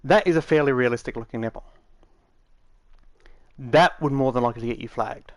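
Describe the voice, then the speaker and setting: A man of middle pitch talks through a tutorial in a loose, rambling way, full of fillers and restarts. His tone stays matter-of-fact. The sound is dry and close, with no room around it. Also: a little fast, no echo. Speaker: game tutorial maker. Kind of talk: casual screen-recorded tutorial.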